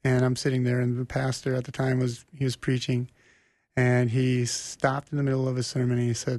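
A man telling his personal faith story as an interview guest, earnest and animated, often restarting sentences. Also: medium pitch, fairly quick, no room sound. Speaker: guest sharing his testimony. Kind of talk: conversational storytelling.

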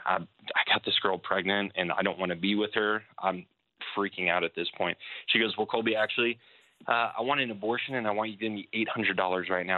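A man's voice: low voice, dry recording. A young man sharing a candid personal church testimony, telling his story with quoted dialogue. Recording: dry, tinny phone-like sound.

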